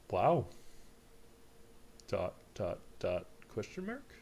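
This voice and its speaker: A man casually reacting out loud as he plays a game on stream, blurting short comments and mild curses. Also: on the low side, slow, creaky, slight background noise. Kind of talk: casual let's-play commentary.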